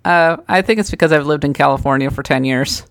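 A woman's voice: low voice, fast talker, no room sound. Woman, from Minnesota, podcast co-host, wry, teasing, opinionated, dry close mic. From Minnesota, USA. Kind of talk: casual podcast chat.

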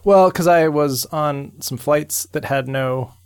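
A man co-hosting a podcast in casual, halting chat, often restarting his sentences. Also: on the high side, smooth. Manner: hesitant, restarts and trails off. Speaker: podcast co-host.

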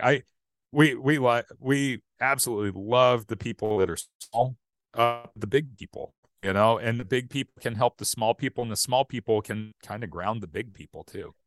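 A man's voice: medium pitch, a bit bright, no room sound, studio quality. A man talking casually as a podcast guest, rambling with many fillers and restarts. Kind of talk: casual conversation.

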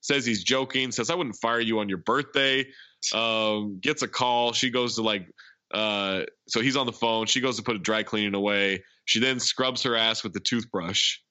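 A man hosts a casual podcast, retelling a film's scenes as a chatty storyteller. His voice is bright and forceful. The recording is dry and slightly dull. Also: on the low side, normal speed, dry recording. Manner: chatty storyteller, acts out quotes. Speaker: podcast host. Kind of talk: casual movie recap.

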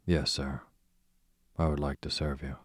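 A man's voice: very deep voice, level tone, unhurried, no echo, studio quality. A man reading as a timid young page boy. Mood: humble. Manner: soft, humble replies.

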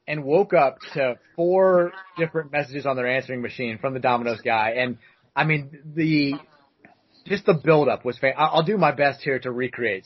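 A man's voice: mid-range voice, breathy edge, no room sound, dull audio. A man in his thirties hosting a podcast, telling rambling stories in a loose, casual way. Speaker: podcast host. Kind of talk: casual chat.

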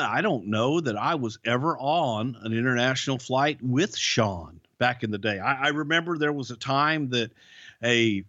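A man tells long, rambling road stories, swearing freely and restarting his sentences. His voice sits at a middle pitch. The lo-fi recording sounds dull and dry. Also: fairly bright tone, dry recording. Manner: profane, rambling anecdotes with restarts. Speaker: podcast co-host, former wrestling writer. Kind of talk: casual storytelling. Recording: dull, lo-fi podcast audio.

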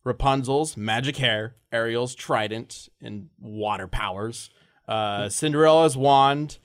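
A man's voice: medium pitch, slow, dry recording, clean studio sound. A man hosting a live stream in casual chat, laid-back, steering the discussion and answering viewers.

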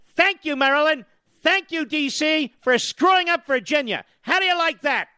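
A man's voice: very high-pitched, animated, normal speed, pushed and bright, no room sound, clean studio sound. An older man from the US East Coast hosting talk radio, sarcastic and combative in a mocking monologue. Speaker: radio talk show host.

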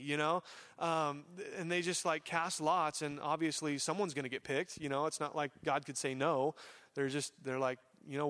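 A man's voice: fairly high pitch, moderate pace, a bit bright. A man preaching a sermon as pastor, telling a Bible story in a casual, chatty way with voiced asides and many fillers.

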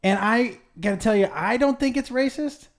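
A man co-hosting a casual comedy podcast, talking in an excitable way, swearing freely and laughing often. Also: very high-pitched, normal speed. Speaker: podcast co-host, stand-up comedian.

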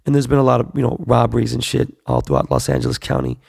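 A man's voice: medium pitch, very animated, quick pace, creaky, darkish tone, breathy edge, dry recording, studio quality. A man in a blunt, profane, slangy casual monologue, repeating himself for emphasis.

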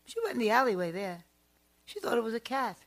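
A woman who works as a psychic, telling family stories in a chatty, animated and emphatic way. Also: a little high, a little fast. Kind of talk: storytelling monologue.

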